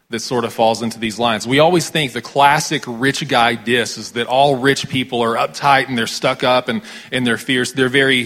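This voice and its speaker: A man's voice: medium pitch, fairly bright tone. A man with an American accent, a pastor giving a conversational sermon with dramatic readings of scripture.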